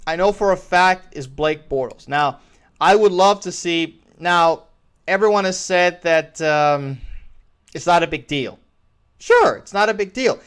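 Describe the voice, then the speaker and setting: Brief: male host, solo sports opinion show, smooth voice, slightly high, rambling restarts. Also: unhurried, fairly bright tone. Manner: rambling, restarts phrases often. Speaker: podcast host.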